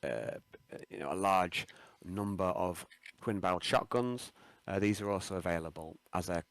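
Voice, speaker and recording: Brief: male game master, low voice, relaxed halting narration, dry close mic. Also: no echo. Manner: relaxed, many ums and restarts.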